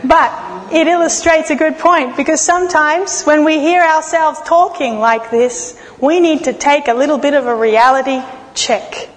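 A woman preaching a sermon, telling stories expressively and slowing down for dramatic pauses. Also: sits high. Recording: long reverb of a large hall.

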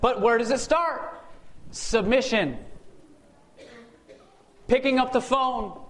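A man's voice: very high voice, slow, a bit bright. A man preaching a sermon in a church sanctuary, asking the congregation rhetorical questions and calling for amens.

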